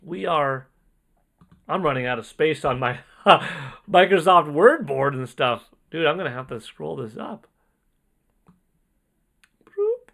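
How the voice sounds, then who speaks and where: Excitable male streamer with lively pitch. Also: takes it slowly, vocal fry, pauses often. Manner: excitable, exclaiming, rambling. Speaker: livestream host. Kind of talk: casual livestream chat, reading donations.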